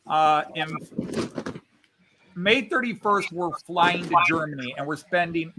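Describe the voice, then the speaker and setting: Man, slightly high voice, casual chat, noisy background. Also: unhurried. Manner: chatty, sharing travel plans. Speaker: model railway club member.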